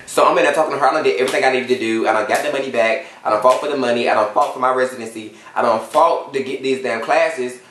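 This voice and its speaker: A man in his twenties telling a story in a casual vlog, animated and profane, full of slang. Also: mid-range voice, fast, hardly any pauses, distant mic, slight background noise. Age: 20s. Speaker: YouTuber. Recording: roomy echo.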